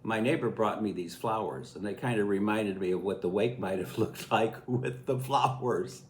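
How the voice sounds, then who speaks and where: A man in his eighties, from Illinois, spins a memory from his farm childhood with a folksy, chuckling delivery. His voice sits low. The recording sounds like an echoey room. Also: moderate pace, slight background noise. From Illinois, USA. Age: 80s. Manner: folksy, chuckling, lively storytelling. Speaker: storyteller recalling childhood. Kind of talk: casual spoken memoir.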